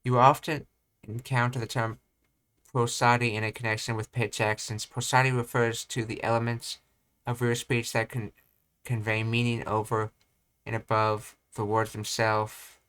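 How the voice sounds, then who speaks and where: Smooth, flat-voiced man. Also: mid-range voice. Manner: thinking aloud, halting with restarts. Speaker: language teacher. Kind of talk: reading and commenting on study material.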